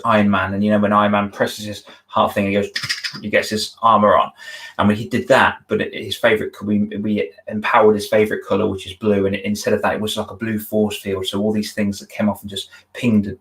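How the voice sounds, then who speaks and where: Man, fairly low voice, earnest storyteller, heartfelt, restarts sentences, video call chat. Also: rough recording. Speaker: confidence coach, podcast host. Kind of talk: conversational interview, storytelling.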